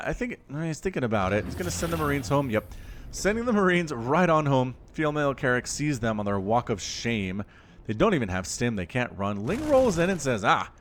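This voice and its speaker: Animated man casting a strategy game. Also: mid-range voice, slight background noise. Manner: chatty, addresses viewers directly. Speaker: esports caster. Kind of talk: solo game commentary.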